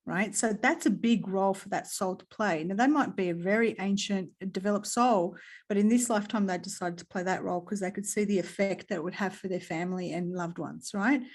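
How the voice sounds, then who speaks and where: A woman with an Australian accent, chatting casually as a guest and telling a story in an animated way, acting out what people said and swearing freely. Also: medium pitch, brisk. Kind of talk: casual chat.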